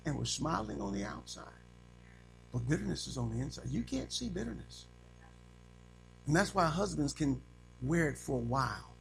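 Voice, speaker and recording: A male preacher delivering a lively sermon, calling for amens from the congregation. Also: on the high side, normal speed, vocal fry, long pauses, faint music behind, poor audio. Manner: call-and-response, animated, frequent amens.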